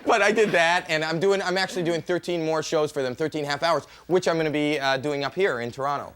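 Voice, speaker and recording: A man's voice: on the high side, fast, a bit bright, clean tone. A man in his thirties, a comedian and talk show guest, chatting in a joking, rambling way that keeps restarting mid-sentence. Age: 30s. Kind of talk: casual chat with rambling self-interruptions.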